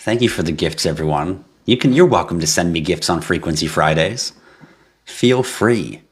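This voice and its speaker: A man hosting a live stream, reading viewer comments in a casual, animated way, laughing and swearing now and then. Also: moderate pace, husky. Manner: animated, laughs and swears, jumps to high yelps for effect. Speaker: livestream host.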